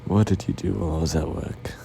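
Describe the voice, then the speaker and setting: Very deep, sleepy yawning boyfriend, whispered role-play. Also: male voice, fairly even intonation, fast talker, vocal fry, warm tone, slight background noise. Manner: sleepy, yawning, affectionate and giggly.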